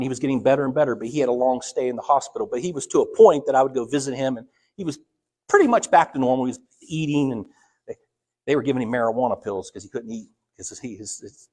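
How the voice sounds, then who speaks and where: In a sermon, a middle-aged man from Ohio who serves as a church elder speaks in a mid-range voice with a darkish tone. He tells his own stories casually, frequently restarting and acting out what others said.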